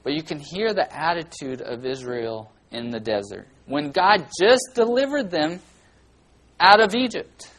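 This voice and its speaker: Animated children's church teacher. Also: medium pitch, a little slow, poor audio. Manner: animated, asks kids many questions, loud bursts of dramatizing. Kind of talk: children's Bible lesson.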